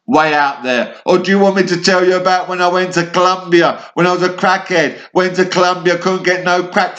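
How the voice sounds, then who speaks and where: A man's voice: high-pitched, a bit bright, lo-fi sound. A man from Kent with a southern English accent, telling a rambling personal monologue in short, fragmented bursts that jump between memories. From Kent, England. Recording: echoey room.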